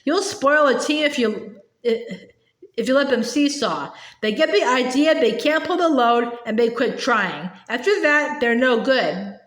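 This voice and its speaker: A woman doing a steady farm father, calm and instructive, explaining the lessons of hard work. His voice sits fairly high, and the room around him rings with echo. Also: a little slow. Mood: firm. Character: steady, firm farmer father. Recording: echoey room.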